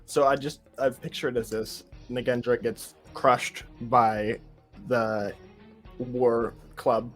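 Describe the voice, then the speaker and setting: A man plays in a tabletop game, speaking at a middling pitch and eagerly describing his character's attacks move by move. His delivery is relaxed, like an everyday conversation, with faint music playing softly in the background. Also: slow pace. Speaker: player.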